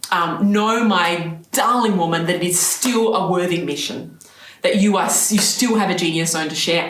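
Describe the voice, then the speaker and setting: A woman's voice: lowish voice, a bit bright, echoey room. A woman business coach giving encouraging advice straight to her viewers, repeating key phrases and checking in with "right?". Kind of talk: direct-to-camera advice talk.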